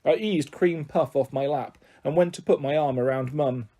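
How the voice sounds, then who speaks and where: A man reading a children's novel aloud as the narrator, in a gentle, even storytelling manner. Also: a little high, normal speed. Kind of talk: audiobook narration.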